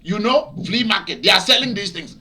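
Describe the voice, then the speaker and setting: A Nigerian man preaching, his voice sitting high with a bright, forceful edge. He tells his stories in an animated way, rising into shouts and laughter as he drives each point home. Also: a little fast. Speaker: pastor. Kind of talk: preaching to a broadcast audience.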